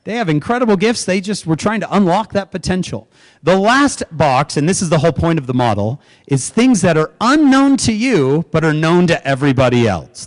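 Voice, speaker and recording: A middle-aged man giving a humorous keynote speech to educators, joking and quizzing the audience with quick questions. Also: fairly high pitch, rough recording. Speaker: keynote speaker.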